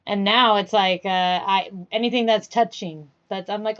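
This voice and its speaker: Female podcast co-host, chatty, mid pitch, slightly muffled sound. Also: normal speed, hardly any pauses. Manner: chatty storyteller, many fillers. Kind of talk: casual chat.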